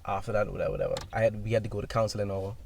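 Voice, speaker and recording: Gravelly young man telling a rambling story. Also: lowish voice, very fast. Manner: rambling, animated, mimics others' voices in quotes. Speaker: podcast guest. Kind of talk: casual storytelling. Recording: distant mic with faint noise.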